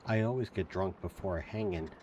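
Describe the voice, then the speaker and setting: A drunk small-town sheriff leers in a slow, lazy drawl, as a man puts him on for a storybook. The voice sits low and unhurried. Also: a little mellow, slight background noise, natural voice. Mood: leering.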